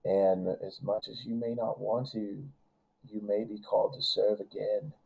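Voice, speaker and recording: A man voicing a gentle, wise goddess who speaks softly and knowingly in a tabletop game. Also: fairly low pitch, level tone, a little slow, gravelly, husky, phone-quality sound, exaggerated voice. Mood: soft, solemn.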